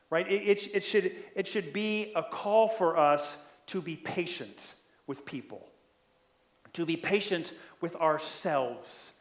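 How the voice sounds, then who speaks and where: Animated preacher in an echoey room. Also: male voice, a little high. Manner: conversational, keeps asking "right?"; animated, builds in loudness when stressing a point. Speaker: pastor. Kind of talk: sermon.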